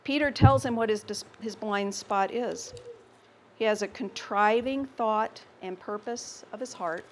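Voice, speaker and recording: Slow, emphatic woman preaching a sermon. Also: mid-range voice, a little hiss or hum. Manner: conversational, asks the congregation questions.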